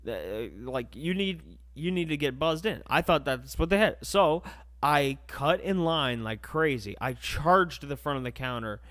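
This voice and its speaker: A man's voice: fairly high pitch, a little slow. A young man hosting a podcast, telling a crude comedic story and acting out the voices. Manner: animated, crude, acts out voices. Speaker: podcast host.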